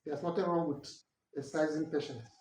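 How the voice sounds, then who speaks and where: Earnest high-voiced Nigerian man teaching. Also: fairly even intonation, fairly quick, a little mellow. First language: Ikwerre. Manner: earnest, corrective, emphatic. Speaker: language and culture teacher. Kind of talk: explanatory talk on names and dialect. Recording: roomy echo from a distant mic, faint noise.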